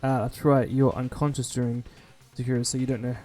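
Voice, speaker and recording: Swearing male gaming streamer, mellow tone. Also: mid-range voice, level tone, fairly quick, faint music behind. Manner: profane, exasperated, laughs at the game. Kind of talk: casual gaming commentary.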